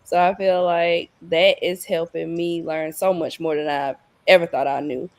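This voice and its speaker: A young woman, a new team member, chatting casually as a guest with short, relaxed answers. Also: on the low side, moderate pace, dry recording. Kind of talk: casual interview chat.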